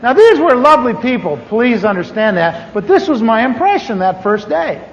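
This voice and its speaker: Recorded on dull 1980s tape in an echoey large church hall, with a little hiss or hum, a middle-aged church teacher shares a funny personal testimony with his class. His very high-pitched voice moves at normal speed with hardly any pauses as he animatedly performs the voices of the people involved.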